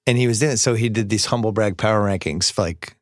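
A man's voice: fairly low pitch, fast talker, no echo, clean studio sound. Easygoing man telling an anecdote. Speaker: guest. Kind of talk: casual podcast conversation.

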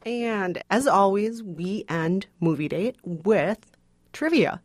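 A woman's voice: mid-range voice, animated, slow pace, no room sound. Frank, playful woman film critic. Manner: frank, playful, laughs easily. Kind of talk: casual podcast chat.

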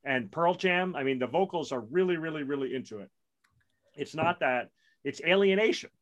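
A man's voice: a little high, expressive, normal speed, highs cut off. A man co-hosting a music podcast, arguing his point in a blunt, emphatic way. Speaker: podcast co-host. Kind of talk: casual music chat.

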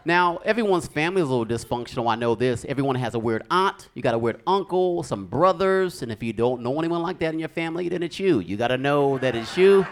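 A man's voice: mid-range voice, fast, hardly any pauses. A young man doing a stand-up comedy set on a club stage, telling stories and acting out the people in them. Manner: animated storytelling, acting out characters.

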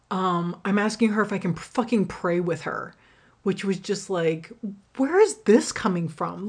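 A young woman hosting a podcast, telling a personal story in a candid, rambling way, swearing freely and filling pauses with "like" and "um". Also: lowish voice. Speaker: podcast host and rideshare driver.

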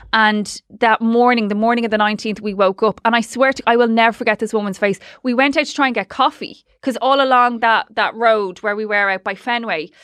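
An Irish woman hosting a podcast, telling stories in quick casual chat and acting out what others said. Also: on the high side, a bit bright, no echo, studio quality. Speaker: podcast host.

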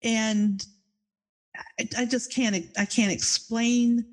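A woman's voice: on the high side, little pitch movement, slow pace. Chatty middle-aged woman telling a story. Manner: chatty, self-deprecating, laughs often. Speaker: podcast host. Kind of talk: personal storytelling.

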